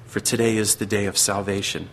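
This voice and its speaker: A man's voice: lowish voice, steady tone, fairly quick, fairly bright tone, slight background noise. A middle-aged man preaching a sermon earnestly, now and then acting out the voices of biblical figures. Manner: earnest, acts out voices of God and Satan. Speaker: pastor.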